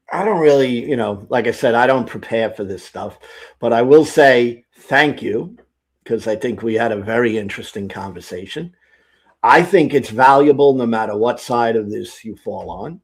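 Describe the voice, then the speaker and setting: A man speaking as a guest in a casual online conversation, relaxed and hedging with "you know". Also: medium pitch, breathy edge.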